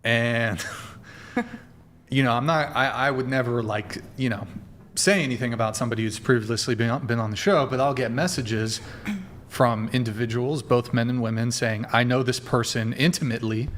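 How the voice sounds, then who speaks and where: A man's voice: mid-range voice, fairly even intonation, a bit bright, a little hiss or hum. A man hosting a casual panel chat and talking with many fillers and restarts. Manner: halting, filler-heavy talk. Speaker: host.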